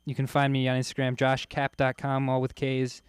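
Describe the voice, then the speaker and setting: Guy doing stand-up, laughs at his own jokes, smooth voice, dry close mic. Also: medium pitch, monotone, moderate pace, dry recording. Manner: loose, self-mocking, laughing at own jokes. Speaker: stand-up comedian. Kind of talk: stand-up set. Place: comedy club stage.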